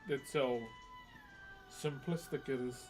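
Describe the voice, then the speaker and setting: Soft background music accompanies a livestreaming wood carver from New Zealand, whose mid-range voice keeps a steady tone and slow pace. He chats casually while working, reading viewer comments aloud, laughing a lot and constantly saying "bro" in his laid-back way.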